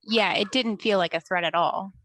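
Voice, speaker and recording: A woman's voice: mid-range voice, moderate pace, a bit bright. A woman taking part in a coaching session over a video call, answering bluntly and directly. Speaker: coaching participant.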